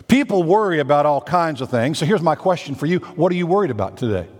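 A man's voice: on the high side, expressive, quick pace, darkish tone, in a large hall. A man, a senior pastor preaching a conversational sermon full of repeated phrases and rhetorical questions.

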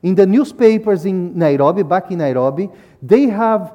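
A man's voice: high voice, lively intonation, normal speed, warm tone, lo-fi sound. A man from Brazil, giving a talk with slides at a church service and ending most sentences with "yeah?". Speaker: missionary speaker.

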